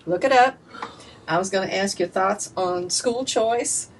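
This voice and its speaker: A woman's voice: mid-range voice, a little slow. A woman hosting a casual interview, chatty and exuberant. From United States. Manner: warm-hearted, exuberant, chatty. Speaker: host. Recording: distant mic with faint room noise.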